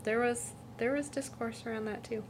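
Young woman co-host, chatty and animated, faint room hiss. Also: a little high, normal speed. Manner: chatty, lots of "like", acts out quotes. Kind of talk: casual chat.

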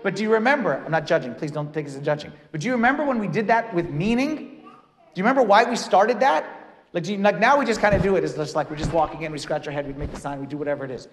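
A man, a priest, giving a lively, conversational sermon with casual asides in a church. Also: fairly high pitch, quick pace, long reverb tail, a little hiss or hum.

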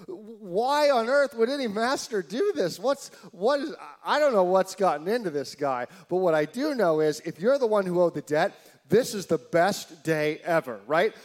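Man, high voice, pastor preaching, animated storytelling, incredulous asides, loud-to-hushed swings. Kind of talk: sermon.

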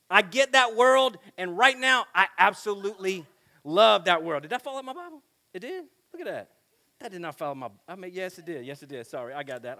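Middle-aged man, camp sermon for teens, slightly high voice, bright and forceful, lively and joking. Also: gravelly. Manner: animated, joking, acts out family dialogue. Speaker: pastor speaking at a youth camp. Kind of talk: energetic sermon to teenagers.

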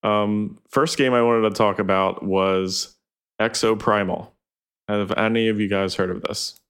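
A man with a low, deep voice reading through gaming news on a podcast. He sounds plain and matter-of-fact and drifts along with fillers between his points. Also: fairly even intonation, a little slow, a bit bright, clear, resonant tone. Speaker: podcast co-host. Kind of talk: casual gaming podcast chat.

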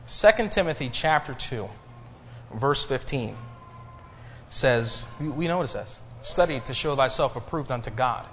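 A male pastor delivers a sermon in a church, his pitch swinging widely as he builds emphasis. He pauses for the congregation to answer him. The hall's long reverb trails each phrase over a faint hiss. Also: expressive, a bit bright. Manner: preaching with rising emphasis and call-and-response pauses. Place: church sanctuary.

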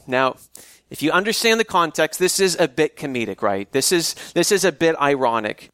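A man's voice: on the high side, expressive, moderate pace, a bit bright, clean tone, no echo. Conversational preacher man, dry sound. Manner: conversational preaching with frequent restarts. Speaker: pastor. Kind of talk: sermon.

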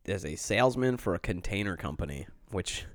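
A man's voice: sits low, animated, fairly quick, dry recording, clean studio sound. A man chatting casually and jokingly, now and then slipping into silly voices. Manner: jokey, slips into silly put-on voices. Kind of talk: casual comedic chat.

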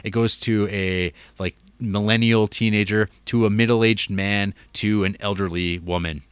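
A man's voice: lowish voice, steady tone, a little slow, smooth, dry recording. A North American man in a casual movie chat, rambling with lots of "like" and small laughs. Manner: rambling, many likes and laughs.

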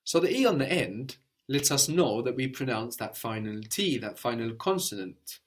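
A man's voice: mid-range voice, expressive, normal speed. A man teaching a spoken language lesson, patiently explaining sounds and prompting his learner with questions.

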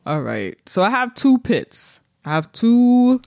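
A woman's voice: on the high side, big pitch swings, slow pace, creaky, mellow. A woman co-hosting a podcast in casual chat, rambling and emphatic as she airs her complaints. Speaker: podcast co-host.

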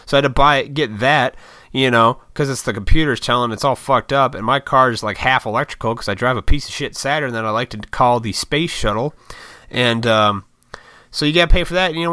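American guy ranting on his podcast, bright crisp voice, dry sound, swears a lot. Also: medium pitch, no echo. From United States. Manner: profane, rambling, frequent laughs. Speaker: podcast host. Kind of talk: casual solo podcast rant.

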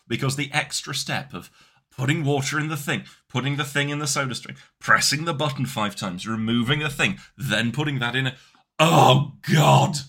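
Teasing man, lively and bright. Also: mid-range voice, slightly rough. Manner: dry, teasing, exaggerating. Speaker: podcast co-host. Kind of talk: casual banter.

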